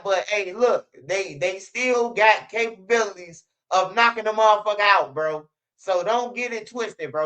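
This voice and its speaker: The voice is high and sharp, belonging to a Chicago man who runs a commentary channel. He delivers casual street-news commentary in slangy storytelling, acting out people's words, over dull lo-fi audio.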